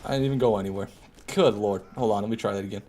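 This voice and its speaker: A man's voice: fairly low pitch, racing, warm tone, a little hiss or hum. Man, live game stream, casual joking chat, reads viewer comments.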